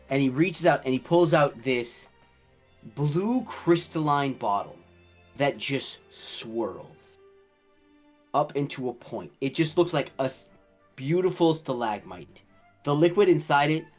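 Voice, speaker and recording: A man narrating as dungeon master, lively and stumbling over his words. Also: mid-range voice, a little slow, faint music behind. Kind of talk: narrating a tabletop game.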